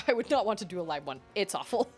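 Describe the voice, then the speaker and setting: A woman with a mid-range, expressive voice talks fast while streaming a video game. Her let's-play commentary is casual, full of exclamations and laughter, with faint game music behind her.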